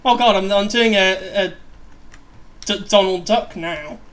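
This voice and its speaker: A man's voice: high voice, unhurried, a bit bright, slight background noise. A man hosting a casual livestream, chatting in a rambling, self-deprecating way. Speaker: livestream host. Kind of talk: casual chat on a gaming livestream.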